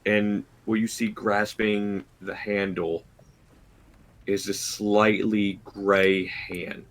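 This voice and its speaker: A man runs a tabletop game as dungeon master, his voice sitting low. He lays out each scene slowly and deliberately, pausing between phrases. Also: flat delivery, slight background noise, poor audio. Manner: slow, deliberate descriptions with pauses.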